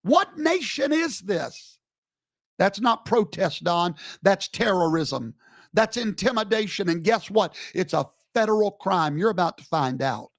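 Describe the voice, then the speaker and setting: A man's voice: high voice, no room sound, studio quality. A man giving a live streamed commentary in an emphatic, preacherly way, scolding with rhetorical questions.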